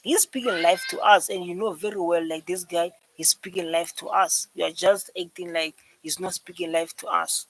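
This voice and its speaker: A man's voice: sits high, steady tone, normal speed, few pauses, a bit bright, slight background noise, poor audio. A man with a South African accent giving a rambling, repetitive reaction commentary, full of fillers. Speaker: reaction video host.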